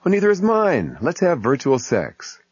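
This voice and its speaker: A man putting on a high coy virtual woman. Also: wildly swooping pitch, moderate pace, a little mellow, husky, no room sound, full character voice. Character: flirty virtual woman in a cyber park. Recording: muffled lo-fi recording.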